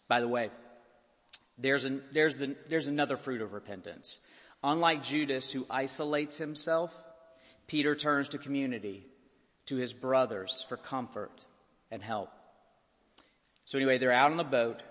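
Man preaching in an echoing hall. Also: mid-range voice. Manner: impassioned, building to shouted peaks. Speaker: pastor. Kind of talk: sermon. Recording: long hall reverb.

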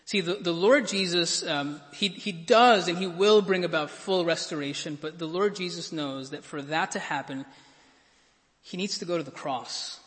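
High bright guy preaching a sermon, earnest, stumbles on words, big hall echo. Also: moderate pace. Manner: earnest, repeats words, rising to emphatic peaks. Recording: long reverb of a large hall.

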